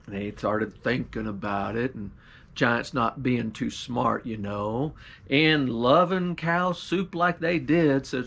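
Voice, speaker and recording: A pastor telling a folktale in a drawling, folksy storyteller's manner, with country grammar and little voices for the characters. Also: male voice, mid-range voice, a little slow, creaky, fairly bright tone.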